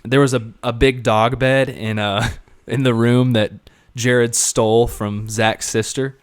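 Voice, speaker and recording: A man's voice: medium pitch, unhurried, clean tone. Young man telling a rowdy party story. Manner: animated, swearing, laughs through the story. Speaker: podcast co-host. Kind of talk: casual storytelling chat.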